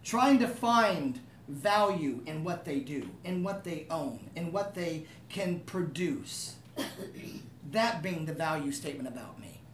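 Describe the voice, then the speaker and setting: A man's voice: on the high side, expressive, slow pace, a little hiss or hum. A man preaching a sermon, talking conversationally and asking the room to agree with him. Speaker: pastor. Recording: echoey room, voice from a distance.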